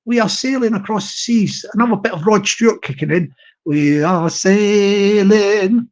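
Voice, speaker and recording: A man's voice: high-pitched, lively intonation, fast. Rambling upbeat male live-streamer. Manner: repetitive, upbeat, ship-captain pep talk.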